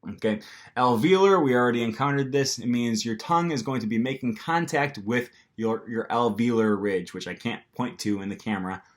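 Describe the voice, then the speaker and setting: A man's voice: mid-range voice, fairly quick. A man with an American accent teaching pronunciation to camera in a casual manner, with frequent ums, and acting out the sounds himself. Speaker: language teacher.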